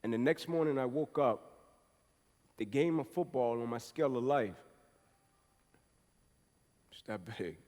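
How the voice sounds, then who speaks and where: A man in his thirties giving a passionate motivational speech, telling his story and building to forceful, emphatic peaks. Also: medium pitch, a little slow, long pauses. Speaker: motivational speaker. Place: event hall. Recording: speech in a reverberant hall.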